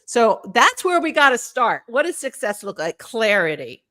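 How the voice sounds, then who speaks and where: A woman guest speaker in a webinar, earnest and energetic, telling anecdotes in a conversational way. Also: fairly high pitch, moderate pace. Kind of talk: conversational storytelling.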